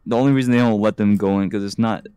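A man's voice: fairly low pitch, steady tone, very fast, dark tone, clear, resonant tone, dry recording. A young man on a podcast, blunt and offhand in casual chat. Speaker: podcast co-host.

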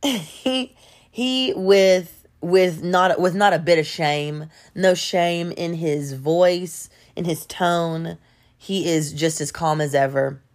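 A woman telling a story in a casual vlog, animated and addressing viewers directly, often breaking into laughter. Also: lowish voice, takes it slowly.

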